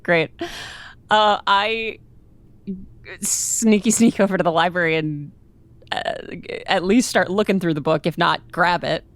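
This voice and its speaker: A woman's voice: on the low side, unhurried, long pauses, no echo. A woman, playing a tabletop game in a chatty, laughing, playfully bluffing way. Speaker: player.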